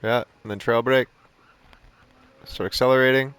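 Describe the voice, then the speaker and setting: Coaching a sim racing driver during a live stream, this man mixes brief driving directions with casual, swear-heavy chat and keeps saying "you know what I mean." His mid-range voice is a bit bright and clean, with fairly even intonation, a moderate pace, and no room sound.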